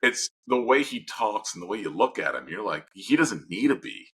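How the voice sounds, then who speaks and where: A man's voice: lowish voice, big pitch swings, moderate pace, a bit bright, husky, poor audio. A man co-hosting a casual podcast, talking through his opinions in long rambling turns with restarts. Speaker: podcast co-host. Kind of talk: casual chat.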